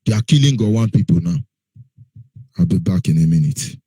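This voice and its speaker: A man's voice: deep voice, animated, fairly quick, dark tone, husky, no echo. A man presenting on radio, driving his points home with repeated rhetorical questions that he answers himself. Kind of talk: impassioned radio talk.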